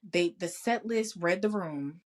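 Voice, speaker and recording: A woman co-hosts a podcast in casual chat. Her voice sits fairly low, and she laughs a lot and swears freely as she tells her stories. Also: unhurried. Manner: laughs often, swears freely, animated storytelling. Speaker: podcast co-host.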